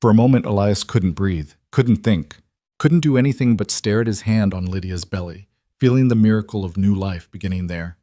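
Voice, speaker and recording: A man narrating a western storybook with a calm, measured, scripted delivery. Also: fairly low pitch, dry recording, clean studio sound.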